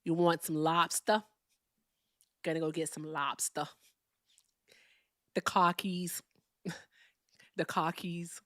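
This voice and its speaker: A woman putting on a Boston local with a Boston accent, in a hushed, playful caricature. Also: lowish voice, steady tone, slow pace, long pauses, no room sound, studio quality. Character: Boston local, cheerful and hammy.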